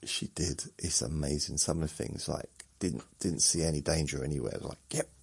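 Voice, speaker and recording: Low gravelly man, rambling. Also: brisk. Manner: meandering, self-mocking, chuckles at himself. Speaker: podcast host. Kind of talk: rambling sleep podcast monologue.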